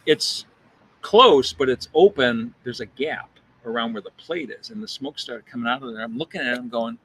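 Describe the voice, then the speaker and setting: In a coffee shop, a man who roasts coffee speaks at a normal speed with a mid-range voice, telling an anecdote in which he acts out quotes and repeats words while thinking. There is slight background noise.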